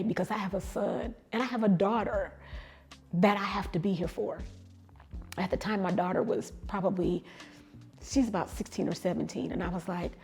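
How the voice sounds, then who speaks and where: A woman's voice: medium pitch, fairly even intonation, vocal fry, darkish tone, faint music behind. A middle-aged woman telling a personal story with emotion, acting out the dialogue in it. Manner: emotional, reenacts dialogue with quick asides. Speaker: guest telling her story.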